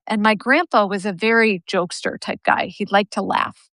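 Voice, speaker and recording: A woman telling a personal story with animated energy, laughing easily, on a live video call. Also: mid-range voice, moderate pace, dry recording. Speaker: guest yoga teacher.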